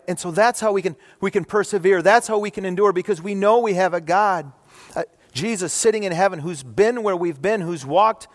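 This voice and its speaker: High-voiced male pastor in a reverberant hall. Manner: conversational preaching, rhetorical questions, repeated "right?". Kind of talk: sermon.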